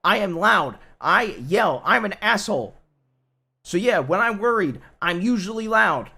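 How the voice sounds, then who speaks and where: A man playing a loud, worried husband in an in-game roleplay, talking bluntly and swearing a lot. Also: high voice, lively intonation, a little slow, creaky, husky, heavily acted.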